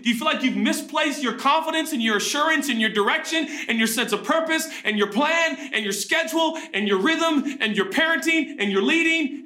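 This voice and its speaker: A man preaching a sermon, animated, acting out quoted voices with big jumps in pitch. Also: reverberant. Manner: animated, acts out voices of biblical figures and himself with pitch jumps. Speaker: pastor.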